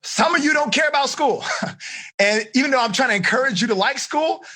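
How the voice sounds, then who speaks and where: A man running a live seminar for teenagers, energetic and asking the audience questions. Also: very high-pitched, fairly quick. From United States. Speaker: teen life coach.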